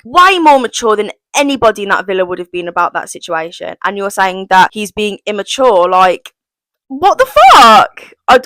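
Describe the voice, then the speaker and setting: A young British woman talking through a reality show, blunt and animated, dropping swear words as she goes. Her voice sits at an ordinary pitch and is recorded close with no room sound. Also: no room sound. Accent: British English. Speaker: reality show recap vlogger. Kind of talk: casual opinionated recap.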